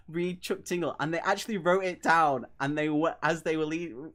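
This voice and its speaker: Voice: medium pitch, a little fast, fairly bright tone. A read-along livestream host chatting casually between reading sessions, giggly and rambling and often self-mocking.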